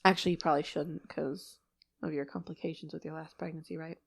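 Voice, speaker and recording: A woman's voice: sits low, fairly even intonation, fast, creaky, breathy edge. A young woman co-hosting a podcast in casual chat, teasing her friend, laughing often and acting out little quotes. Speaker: podcast co-host.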